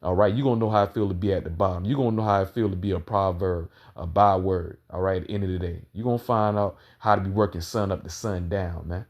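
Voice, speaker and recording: Low-voiced man preaching a combative, profane sermon. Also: steady tone. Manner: combative, swearing, fills lines with "man" and "all right"; reads verses slowly and loudly, then rants quickly. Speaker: street preacher. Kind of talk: profane ranting sermon reading scripture.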